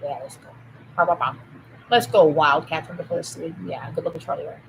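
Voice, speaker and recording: A woman in a rambling solo monologue who jumps between topics, swears, and swings from loud outbursts to low mutters. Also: brisk, a little hiss or hum, rough recording.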